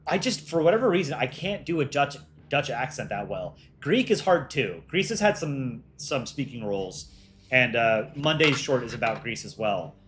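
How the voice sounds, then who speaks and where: A man's voice: medium pitch, very animated, normal speed, fairly bright tone, a little hiss or hum. Chatty man hosting a livestream. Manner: loose and chatty, with restarts and frequent laughter. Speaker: animator and livestream host. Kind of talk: casual livestream chat.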